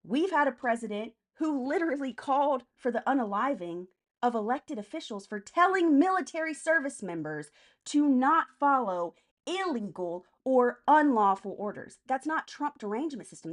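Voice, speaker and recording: A blunt, profane woman hosts a casual political live stream, reading chat comments and answering commenters by name. She talks at normal speed in a high-pitched, sing-song voice.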